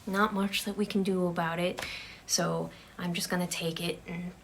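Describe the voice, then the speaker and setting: A woman voicing a brave, level-headed young girl who speaks calmly and reassuringly in a spoken ghost story. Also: on the low side, moderate pace, slight background noise. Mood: steady.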